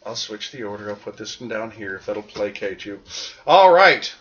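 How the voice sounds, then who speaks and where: A man's voice: on the low side, lively intonation, moderate pace, fairly bright tone, a little hiss or hum. A man from the American South co-hosting a casual podcast, rambling and joking with lots of fillers. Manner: rambling, jokey, filler-heavy. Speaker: podcast co-host. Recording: dull lo-fi podcast audio.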